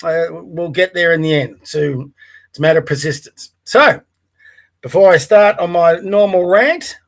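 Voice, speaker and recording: A man with a somewhat high speaking voice hosts his morning livestream. He rambles casually, dropping fillers as he chats and reads scripture. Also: moderate pace. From Australia. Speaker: podcast host. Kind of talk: casual morning commentary and Bible reading. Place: Melbourne, by the bay.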